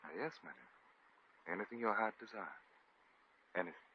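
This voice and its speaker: An actor playing a posh, stammering English lord in a 1940s radio drama. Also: male voice, fairly low pitch, expressive, moderate pace, a little hiss or hum, lightly acted. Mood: doting. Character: doting, bumbling English lord, young gentleman. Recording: lo-fi vintage radio recording.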